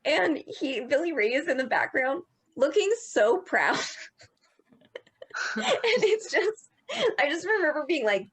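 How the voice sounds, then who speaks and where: A woman's voice: sits high, sing-song, unhurried, pauses often, fairly bright tone. A woman co-hosting a podcast in casual chat, rambling with lots of filler words. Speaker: podcast co-host.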